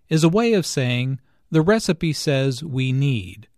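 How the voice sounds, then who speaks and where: Man, English lesson narrator, very slow, deliberate, clear emphasis, dry close recording. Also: medium pitch, animated, darkish tone, no room sound.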